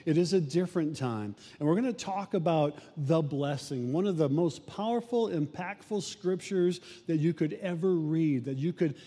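A man's voice: a little high, animated, moderate pace, hardly any pauses, mellow, breathy edge. A male pastor preaching a sermon in an emphatic, repetitive preaching cadence. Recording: reverberant room sound.

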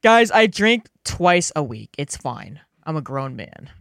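Young man, high lively voice, defensive joker, dry mic. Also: unhurried, creaky, no room sound. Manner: defensive, joking. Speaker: podcast co-host. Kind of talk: casual banter among friends.

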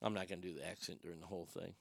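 A man's voice: sits low, fairly even intonation, very fast, gravelly, dry recording. A man hosting a podcast, riffing crude jokes in casual comedic chat. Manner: profane, joking, riffing on the news. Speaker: podcast host.

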